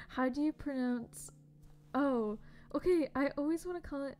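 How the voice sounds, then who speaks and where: A young woman streaming a game, chatting casually and bubbly with her viewers, often dropping to a soft whisper. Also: high voice, normal speed, vocal fry. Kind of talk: casual livestream chat. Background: faint background music.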